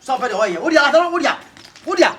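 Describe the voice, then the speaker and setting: A comic actor with a Ghanaian accent bantering fast and teasingly in a comedy skit. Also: sits high, big pitch swings. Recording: faint background noise.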